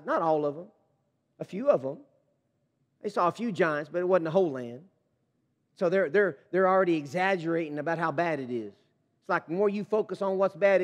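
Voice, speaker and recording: A man preaching a sermon as pastor, reading scripture and commenting with animated emphasis. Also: high-pitched, in a large hall. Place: church sanctuary.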